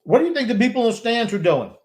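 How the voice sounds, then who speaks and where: An older man with a New York accent co-hosting a live hockey podcast, giving blunt, gruff opinions about the team. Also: very high voice, big pitch swings, racing, darkish tone. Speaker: podcast co-host. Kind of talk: live game watchalong chat.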